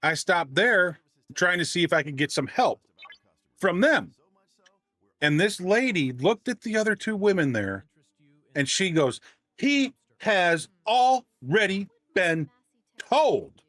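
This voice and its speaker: Man ranting through a story, slightly high. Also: measured pace, long pauses, no room sound. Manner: ranting, animated anecdote with restarts. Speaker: livestreamer. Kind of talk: casual storytelling.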